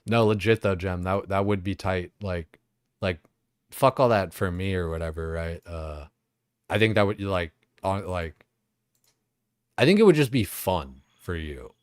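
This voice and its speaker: A man's voice: sits low, animated, measured pace, dry recording, clean studio sound. A young man streaming a game, chatting casually and rambling, swearing freely and leaning on lots of fillers.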